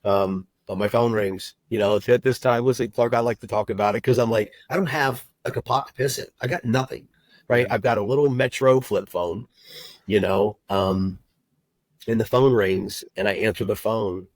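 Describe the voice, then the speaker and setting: A middle-aged man telling his personal story as a podcast guest, heartfelt and halting, with many fillers and restarts. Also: lowish voice, fairly even intonation, no echo, poor audio. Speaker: guest, recruiter and agency owner.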